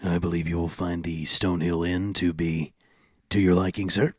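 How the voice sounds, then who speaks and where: A man voicing a weary, polite male knight officer who talks in a measured, dry way. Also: sits low, flat delivery, slightly rough, no room sound.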